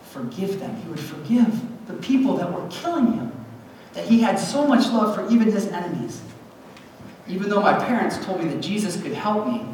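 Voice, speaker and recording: A man tells a personal testimony in a lively, animated way, slipping into other people's voices as he goes. His voice sits a little high, and he is picked up from far off in a big echoing hall with a long reverb. Steady room noise hangs underneath. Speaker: speaker at a church gathering. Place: church hall event. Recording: echoey hall recorded from far off.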